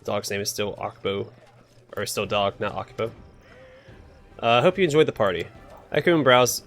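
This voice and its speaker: A man's voice: lowish voice, animated, moderate pace, pauses often, a bit bright, soft background music. A man hosting a let's play, thinking aloud with fillers and self-corrections as he plays. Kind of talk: casual gameplay commentary.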